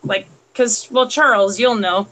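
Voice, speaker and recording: A woman's voice: fairly high pitch, a bit bright, a little hiss or hum, poor audio. A woman chatting casually about dogs, laughing often. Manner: slow, laughing, talks to her dog. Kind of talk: casual chat.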